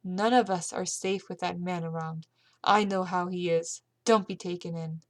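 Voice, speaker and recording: Casting: a spirited, scared woman with a French accent, quick and scornful, read by a woman in a storybook. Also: lowish voice, steady tone, no echo, lightly acted. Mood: urgent. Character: frightened woman from France, spirited and blunt.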